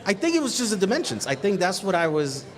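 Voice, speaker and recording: A man's voice: sits high, huge pitch swings, fast. A man speaking as a guest in casual chat at a live event, frank and chatty, laughing often. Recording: crowd chatter behind.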